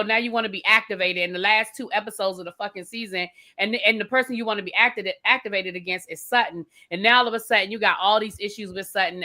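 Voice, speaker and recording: A woman's voice: mid-range voice, sharp tone. A woman co-hosting a casual recap chat, sassy and emphatic with plenty of cussing. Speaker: podcast co-host.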